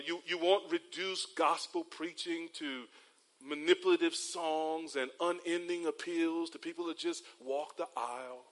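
A male pastor delivers a sermon with a somewhat high voice. He is from North Carolina and weaves stories into his preaching, tossing in rhetorical tags and calling the congregation beloved. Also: a bit bright, rough recording. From North Carolina, USA.

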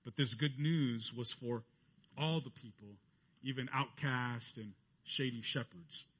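A man's voice: a little slow, a bit bright. A man preaching a sermon earnestly, lifting his voice when he quotes others. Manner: earnest preaching, voicing quoted speech with rising pitch. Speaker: pastor.

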